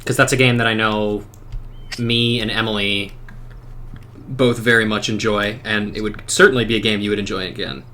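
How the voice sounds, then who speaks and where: A man's voice: on the low side, fairly even intonation, normal speed, sharp tone, slight background noise. A young man hosting a game playthrough, chatty and casually swearing. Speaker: let's-play host. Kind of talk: casual gaming chat.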